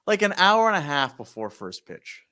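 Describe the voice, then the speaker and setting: A man's voice: on the high side, big pitch swings, moderate pace, sharp tone, no room sound. A man on a podcast who chimes in with dry jokes. His voice sits mid-range but rises and falls a lot as he quips. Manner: wry, joking interjections. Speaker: podcast speaker. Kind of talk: casual chat.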